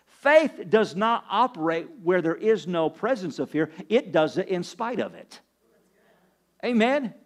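High-voiced man preaching a sermon. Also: sing-song, measured pace. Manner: preaching with sweeping swings in pitch and loudness; asks the congregation questions. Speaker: pastor.

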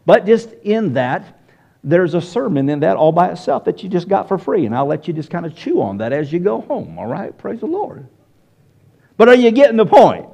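Animated Southern-accented male preacher. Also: sits high, normal speed, vocal fry. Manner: animated, questions the congregation directly. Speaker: pastor. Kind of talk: sermon. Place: church.

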